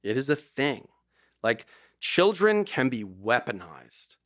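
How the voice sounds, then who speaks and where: A man's voice: medium pitch, very animated, slow, fairly bright tone, no echo, studio quality. A middle-aged man, a divorce lawyer talking as a podcast guest, who tells stories with emphasis and acts out quoted dialogue. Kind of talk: animated conversational interview.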